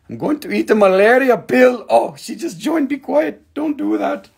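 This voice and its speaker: A man hosting a casual live stream from home, selling stones, rambles playfully and cracks jokes along the way. His high voice has a gravelly, husky edge, and he speaks slowly, taking his time.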